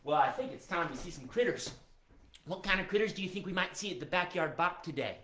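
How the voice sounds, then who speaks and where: A man's voice: high-pitched, lively intonation, quick pace, pushed and bright, slight background noise. A man hosting a live children's music show, speaking cheerfully and directly to the kids watching. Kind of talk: upbeat live kids' show talk. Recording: roomy echo, faint guitar.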